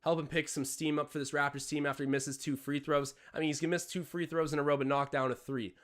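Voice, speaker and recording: A man's voice: on the high side, little pitch movement, fast talker, fairly bright tone. A young Canadian man hosting a live watch-along stream, mixing casual play-by-play with rambling chatty tangents.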